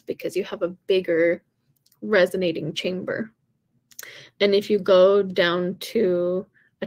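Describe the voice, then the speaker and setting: A young woman teaching singing in a casual live stream, talking in a chatty, rambling way with many pauses and small laughs at herself. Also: mid-range voice, darkish tone.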